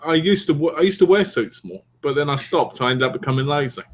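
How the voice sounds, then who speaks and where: A man's voice: on the high side, quick pace, a little hiss or hum. A man from the East End of London, chatting casually as a podcast co-host and telling teasing, jokey stories. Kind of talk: casual chat.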